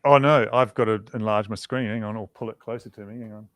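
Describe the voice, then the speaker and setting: A man's voice: fairly low pitch, steady tone, fast talker, no room sound. A male guest on a livestream, chatting casually in a self-mocking, joking way.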